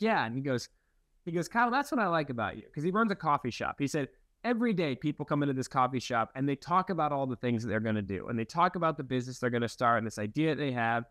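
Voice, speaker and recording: A man's voice: medium pitch, dry recording. Easygoing young man telling stories. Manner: relaxed, rambling, self-deprecating, laughs while talking. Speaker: guest. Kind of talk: casual interview storytelling.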